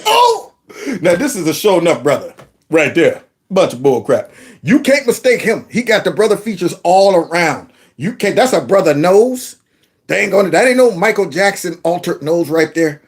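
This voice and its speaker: Animated man riffing on news clips. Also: sits high, normal speed. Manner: animated, folksy, talks back to the clips. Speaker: commentator reacting to news clips. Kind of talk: casual reaction commentary.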